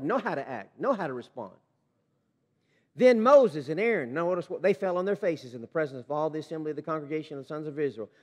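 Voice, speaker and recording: A man preaching a sermon as pastor, reading scripture and commenting with animated emphasis. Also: high-pitched, long reverb tail. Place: church sanctuary.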